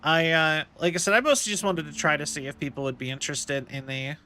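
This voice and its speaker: A man's voice: a little high, fast, pushed and bright, slight background noise. A man streaming a game, chatting casually and rambling as he thinks aloud. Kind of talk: casual live gameplay commentary.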